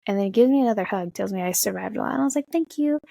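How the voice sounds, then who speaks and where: Young woman telling an excited story, bit of vocal fry, mid pitch, dry room sound. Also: no room sound. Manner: excited, swearing, talks fast with big pitch jumps when quoting. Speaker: vlogger. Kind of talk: casual storytime vlog.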